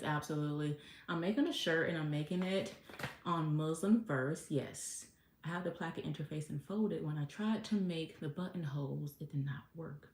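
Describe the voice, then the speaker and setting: A woman's voice: low-pitched, a little mellow. A woman hosting a casual sewing livestream, chatting to herself and reading viewer comments aloud as she works. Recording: echoey room with faint noise.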